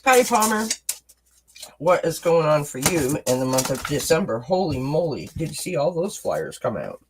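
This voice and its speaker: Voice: mid-range voice, animated, moderate pace, noisy background. A tarot card reader giving a casual live-streamed reading, chatty and encouraging, with self-deprecating asides between cards. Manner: chatty, encouraging, responds to chat comments.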